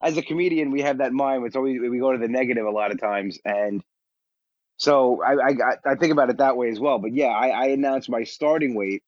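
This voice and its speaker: A man who works as a stand-up comedian tells blunt, self-mocking stories as a podcast guest. His voice sits at a middling pitch. The recording is dry and a little dull, with a lo-fi edge. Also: no echo. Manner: blunt, self-deprecating, quick to get defensive. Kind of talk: candid podcast storytelling.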